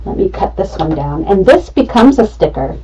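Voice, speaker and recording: A woman's voice: medium pitch, sing-song, moderate pace, mellow, slightly rough, recorded from a distance, highs cut off. A middle-aged woman running a live craft tutorial, chatty and talking herself through each cut. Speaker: craft demonstrator.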